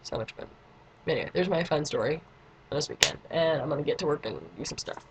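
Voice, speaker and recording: A woman's voice: sits low, animated, quick pace, noisy background. Giggly chatty teenage girl. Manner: chatty and giggly, lots of "like", squeals in quotes. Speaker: vlogger. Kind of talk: casual storytelling vlog.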